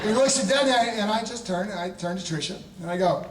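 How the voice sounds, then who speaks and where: A man in his fifties, a guest actor telling a casual anecdote to a convention audience, animated and chuckling, often restarting his sentences. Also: high-pitched, moderate pace, crowd noise. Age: 50s. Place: large convention hall panel. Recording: echoey hall audio from a distance.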